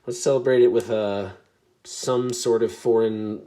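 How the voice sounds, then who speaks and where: A man casually chatting to his viewers while opening trading card packs, chatty and self-deprecating, with bursts of excitement. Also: lowish voice, unhurried. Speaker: card pack opening vlogger. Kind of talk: casual pack-opening commentary.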